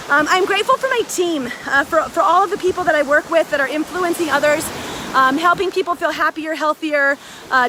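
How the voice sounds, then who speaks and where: A woman hosting a casual motivational live stream outdoors on a beach, filmed on a phone, chatty and excitable, a little out of breath. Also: high voice. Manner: chatty, excitable, greets viewers by name. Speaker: live video host. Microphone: phone held by a friend. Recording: faint surf noise outdoors.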